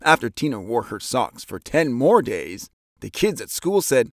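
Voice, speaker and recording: A man reading a children's picture book aloud in an animated storytelling style, putting on voices for the characters. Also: a little slow. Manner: animated, voices characters with big pitch jumps. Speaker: storybook narrator.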